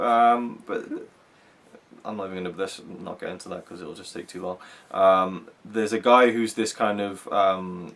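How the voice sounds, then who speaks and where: A man with a fairly low voice hosts a relaxed film review chat. He rambles eagerly, often restarting his sentences as he works through his thoughts. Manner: rambling, enthusiastic, many restarts. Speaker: film reviewer, show host.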